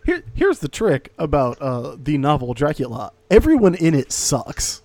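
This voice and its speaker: A man co-hosting a casual movie podcast, wry and profane, building up to loud punchlines. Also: a little high, huge pitch swings, normal speed, no room sound. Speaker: podcast co-host.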